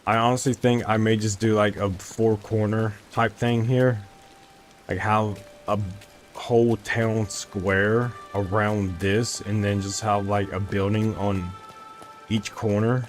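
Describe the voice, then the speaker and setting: A man's voice: on the low side, flat delivery, slow pace, faint music behind. A young man chatting casually with his stream while playing a game, rambling and often restarting his sentences. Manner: rambling, self-interrupting, chatty. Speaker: gaming streamer. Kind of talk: casual gameplay chat with chat.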